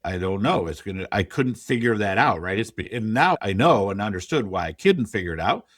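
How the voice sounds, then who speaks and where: A man's voice: fairly low pitch, expressive, a little fast, fairly bright tone, no room sound, clean studio sound. A middle-aged man, a podcast guest, telling his story candidly and quoting his own past thoughts. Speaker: podcast guest, real estate investor. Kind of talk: conversational interview storytelling.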